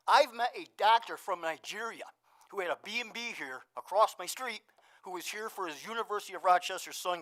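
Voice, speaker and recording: A man's voice: sits high, bright, forceful tone. A man giving a blunt, combative public comment at a town board meeting.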